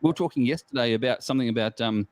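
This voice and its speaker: A man's voice: medium pitch, racing, no echo. Chatty Australian man, dry close sound. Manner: rambling, jokey, laughs often. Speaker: guest geocacher. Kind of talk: casual online group chat.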